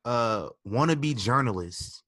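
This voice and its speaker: A man's voice: medium pitch, animated, slow, fairly bright tone, no echo, clean studio sound. A man hosting a casual wrestling podcast, rambling with ums and restarts as he vents. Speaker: podcast host.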